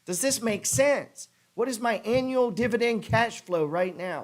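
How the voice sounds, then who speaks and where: A man's voice: high-pitched, lively intonation, moderate pace, few pauses. A middle-aged man hosting a trading show, ranting in a fired-up, pushy way and swearing freely as he works himself up. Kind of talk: profane motivational rant.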